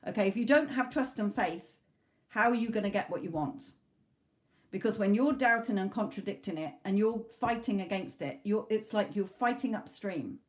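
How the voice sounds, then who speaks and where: A woman reading tarot on a live stream, talking to viewers in a blunt, animated way and swearing casually. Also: mid-range voice, normal speed. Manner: animated, acts out clients' panicked voices.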